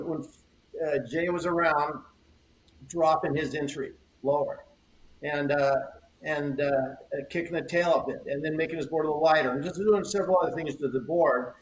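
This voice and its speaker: A man's voice: a little high, normal speed, slight background noise. An older man, a surfboard shaper guesting on a podcast, telling stories in a rambling way, repeating words and acting out conversations. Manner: rambling, repeats words, acts out quoted exchanges. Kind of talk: casual interview storytelling. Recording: roomy echo, faint ambience.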